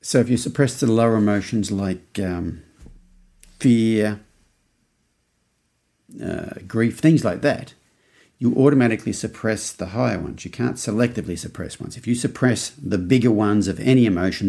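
Speaking at a normal speed in a lowish, dark voice with vocal fry, this Australian man in his fifties hosts a podcast. He tells a story in a casual, rambling way, full of restarts and acted-out quotes.

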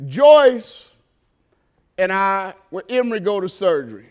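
Man, pastor, sermon, very high-pitched, slow deliberate delivery, rhetorical questions. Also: very animated, clear, resonant tone. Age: adult parent. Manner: preaching with rhetorical questions to the congregation.

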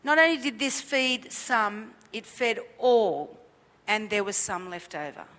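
A woman's voice: medium pitch, animated, unhurried, fairly bright tone, big-room sound. A woman preaching a sermon at a church service, emphatic and repetitive, with many rhetorical questions.

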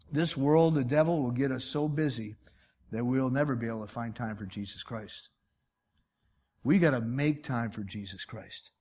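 A man in his fifties preaching a sermon as pastor, emphatic and folksy, full of rhetorical questions. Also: on the high side. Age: 50s.

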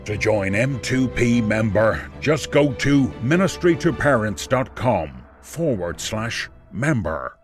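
A man playing a calm, menacing caller who slowly spells out a threat, in a low measured voice. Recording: over dramatic music.

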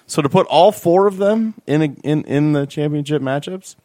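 A man's voice: on the high side, normal speed, mellow, no echo. A man co-hosting a sports podcast in casual chat, with dry, self-mocking humor. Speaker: podcast co-host.

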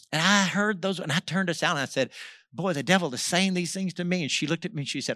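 A man in his fifties preaching with a high, very bright voice. He tells his story in a swinging delivery that climbs loud and drops to a hush. The sound is close and dry. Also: quick pace, no room sound. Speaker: pastor. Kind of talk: sermon.

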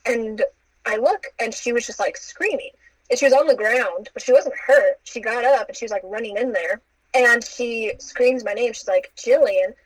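A woman's voice: on the high side, moderate pace, low-quality recording. A young woman casually recounting a story, acting out the quoted lines with playful asides. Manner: animated, acts out quotes with playful asides and laughs.

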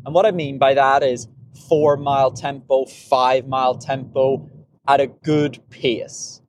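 A man's voice: mid-range voice, steady tone, unhurried, a little mellow, slight background noise. Rambling man talking about training. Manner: rambling, repeats words, frequent restarts. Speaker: podcast host, runner. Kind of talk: casual monologue.

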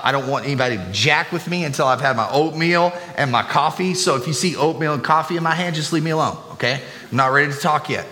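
Joking pastor in a reverberant church. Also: male voice, fairly high pitch, pushed and bright. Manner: chatty, joking asides to the congregation. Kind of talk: sermon. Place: church sanctuary. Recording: long hall reverb, faint room ambience.

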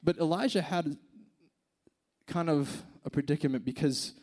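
High-voiced preacher, hushed then emphatic. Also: male voice, normal speed. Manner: conversational, swings from hushed to emphatic. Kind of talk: sermon.

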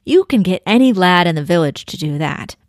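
Lady reading as a stubborn eighteen yr old girl from a storybook, lowish voice, dry sound. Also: expressive, a little fast, dry recording, natural voice. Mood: determined. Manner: read-aloud storybook narration, first person. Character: headstrong young woman of eighteen, determined.

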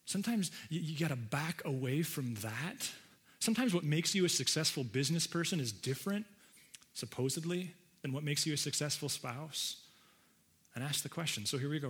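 Animated man preaching a sermon. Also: fairly high pitch, husky. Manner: animated, acts out quoted voices. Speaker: pastor. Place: church auditorium with audience.

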